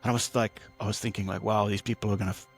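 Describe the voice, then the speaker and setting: A man guest on a podcast telling a personal testimony in an animated way, acting out the voices he quotes, with many fillers and restarts. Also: lowish voice, very fast, faint music behind.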